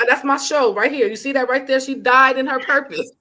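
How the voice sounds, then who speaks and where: A woman's voice: high voice, fairly quick. A woman hosting an interview with casual, heartfelt, emotional talk. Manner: effusive, emotional, animated storytelling. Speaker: podcast host.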